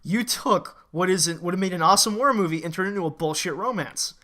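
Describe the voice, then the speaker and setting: A man co-hosting a casual movie review chat, excitable and blunt, swearing freely and talking in quick bursts. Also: sits high.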